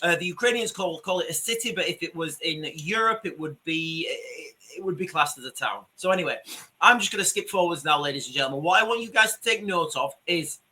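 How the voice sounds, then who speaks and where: A man with a Yorkshire accent gives emphatic screen-share commentary, often restarting phrases and calling his viewers ladies and gentlemen. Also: a little high, fairly quick. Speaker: commentator on a video channel.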